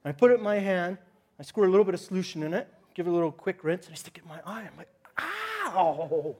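A man preaching a sermon, opening with a lively personal story and acting out his own cries. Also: high-pitched, very fast. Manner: animated storytelling, acts out his own shouting. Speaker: pastor.

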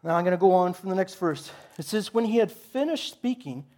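A male pastor preaching a sermon in an animated, conversational storytelling way, with touches of humor. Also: high-pitched, a little fast.

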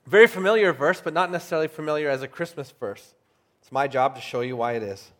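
Male pastor, slightly high voice, chatty storytelling sermon, leans on key phrases slowly. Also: fairly bright tone. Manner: storytelling, slows down to stress key words; conversational with filler restarts.

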